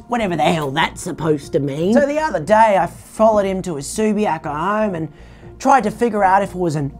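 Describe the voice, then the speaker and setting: A woman's voice: fairly low pitch, a little mellow. Woman reading mock-serious parody news. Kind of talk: satirical newsreading.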